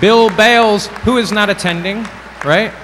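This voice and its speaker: A man's voice: high-pitched, normal speed, music in the background. Wisecracking man emceeing in a reverberant hall. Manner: playful, wisecracking. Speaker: awards presenter. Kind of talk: joking awards emcee. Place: large banquet hall. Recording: reverberant hall, crowd and noise behind.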